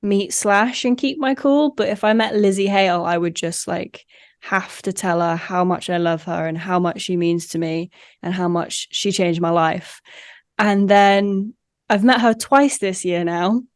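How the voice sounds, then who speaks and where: A woman's voice: mid-range voice, measured pace, smooth, dry recording, studio quality. A woman hosting a podcast interview, chatting casually and encouraging her guest. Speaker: podcast host.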